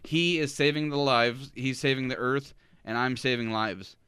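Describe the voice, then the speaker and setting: A man's voice: mid-range voice, normal speed, sharp tone, clear, resonant tone. A young man co-hosting a podcast, full of jokey, over-the-top banter. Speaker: podcast co-host. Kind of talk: casual chat.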